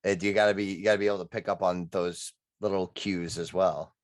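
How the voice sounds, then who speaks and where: Male guest, East Coast accent, very low voice, wry teasing banter, dry sound. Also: fairly even intonation, fairly quick, no room sound. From East Coast of the USA. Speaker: podcast guest. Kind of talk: casual chat.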